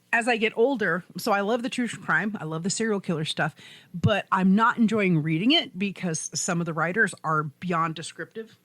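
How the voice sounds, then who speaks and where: A woman's voice: mid-range voice, normal speed, fairly bright tone, no room sound. A woman co-hosting a casual podcast chat, talking in a chatty way, laughing often and restarting her sentences. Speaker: podcast co-host.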